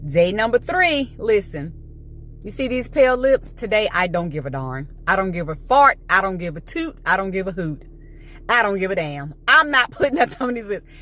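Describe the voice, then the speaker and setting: A woman's voice: mid-range voice, moderate pace. A woman vlogging in a casual, rambling chat, talking while she eats and admitting she is anxious. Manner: rambling, animated, talks while eating; rambling and animated.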